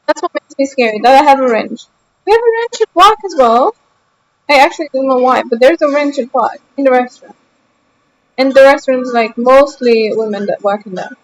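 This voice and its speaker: High-voiced young woman bantering on stream. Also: a little fast, a little hiss or hum, poor audio. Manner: teasing, bantering, mock-indignant. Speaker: game streamer. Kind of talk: casual live-stream chat with viewers.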